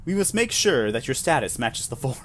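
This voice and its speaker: A man voicing a faceless, non-human administrator who speaks in a flat, neutral, synthetic-sounding way, politely and coldly. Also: medium pitch, fairly quick, a little hiss or hum. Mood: cool, detached. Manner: polite, cold, matter-of-fact. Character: faceless, calm, bureaucratic administrator entity.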